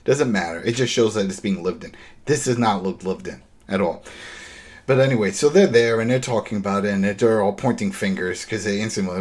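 A man's voice: fairly low pitch, fast, slightly rough. A man hosting a podcast, recapping an episode in casual chat and acting out characters' lines with animation. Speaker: podcast host.

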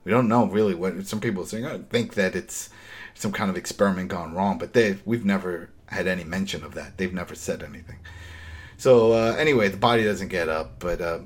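A man hosting a podcast, recapping a TV episode in casual, animated chat with quick asides. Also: low-pitched, slightly rough. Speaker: podcast host.

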